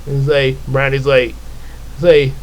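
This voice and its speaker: A man's voice: medium pitch, level tone, takes it slowly, rough recording. A man casually retelling his comic book, rambling into asides and correcting himself.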